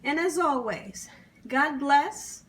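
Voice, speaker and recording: A woman hosting her cooking channel, tasting her food on camera with long humming sounds and sometimes dropping into an excited whisper. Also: sits high. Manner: savoring with long humming "mm"s, drawn-out and slow.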